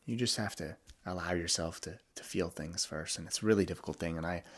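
A man's voice: sits low, a little fast. A young man hosting a solo podcast, talking candidly and reflectively about his feelings, with frequent restarts. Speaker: podcast host.

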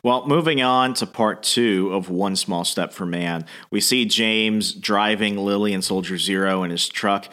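Man, low voice, comic recap, animated, quick with fillers. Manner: fast, animated retelling with many fillers.

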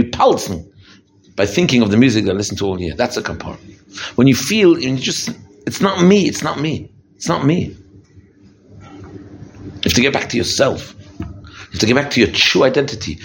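A man with a gravelly voice preaches a lively, emphatic holiday sermon as a rabbi, his delivery shifting from low and quiet to high and intense. He often repeats and restarts phrases, and a little hiss or hum can be heard.

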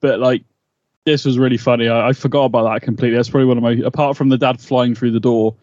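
A man, co-hosting a podcast and rambling through his thoughts in an animated way, laughing a lot. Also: mid-range voice, fast talker, no echo. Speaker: podcast co-host. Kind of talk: casual episode recap chat. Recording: slightly dull, dry mic sound.

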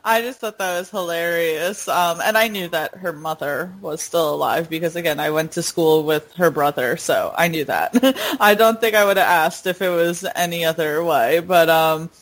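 A woman's voice: on the low side, moderate pace, poor audio. A woman telling a story in casual podcast chat, laughing often and using many fillers.

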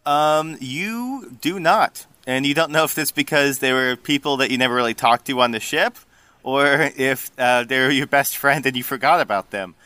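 A man narrating a tabletop game as game master, relaxed and full of fillers. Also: mid-range voice, normal speed, smooth, dry recording. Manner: relaxed, filler-heavy, laughs often.

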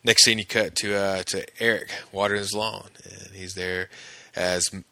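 A man with a low, deep voice and a bright, forceful tone retells a TV episode in a loose, conversational way. He restarts his sentences often and fills the pauses with "uh" and "um". The recording is dry and close, with no room echo. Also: flat delivery, creaky. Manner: conversational, many fillers and restarts. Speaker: podcast host recapping an episode. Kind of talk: casual episode recap.

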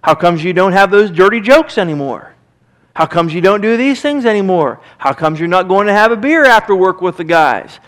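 High-voiced preaching pastor, emphatic. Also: male voice, lively intonation, moderate pace, a bit bright. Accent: Midwestern American. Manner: emphatic, conversational preaching with acted quotes. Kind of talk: sermon. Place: church sanctuary.

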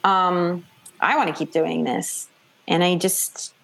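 A woman author from the New York area talks through her story in a relaxed interview. She is chatty and animated, slipping into quick put-on voices for the people she quotes. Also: lowish voice, vocal fry. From New York / New Jersey. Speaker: author guest. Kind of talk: casual interview chat.

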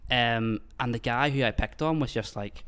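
A man's voice: medium pitch, normal speed, a bit bright, clear, resonant tone. A man, a stand-up comedian telling a self-deprecating story of a bad gig in casual chat.

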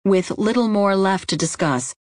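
A woman narrating a nonfiction audiobook in a measured, even reading style. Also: mid-range voice, dry recording, clean studio sound.

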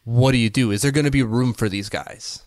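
A man from Canada in his thirties, co-hosting a casual sports podcast from his basement, chatty and analytical and quick to laugh. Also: mid-range voice. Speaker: podcast co-host. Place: home basement.

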